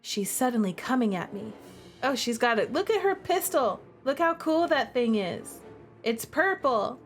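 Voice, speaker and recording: A young woman reading a dating-sim game aloud and reacting with excited, gushing commentary. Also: unhurried, faint music behind. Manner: excitable and gushing, with big pitch jumps. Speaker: streamer playing a dating sim.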